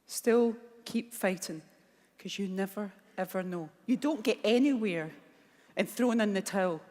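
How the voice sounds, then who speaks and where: A woman's voice: medium pitch, moderate pace, darkish tone. A woman with a Glaswegian accent giving a motivational speech, telling a personal story candidly and with emotion. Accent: Scottish, Glaswegian. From Scotland. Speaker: keynote speaker. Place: large conference hall. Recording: long reverb of a large hall.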